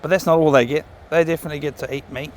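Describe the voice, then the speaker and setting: Rapid-fire and on the high side with fairly even intonation, a New Zealand-accented man chats to camera while out with his dog on a riverside trail. He wanders off topic and often corrects himself mid-sentence, with slight background noise in this casual vlog.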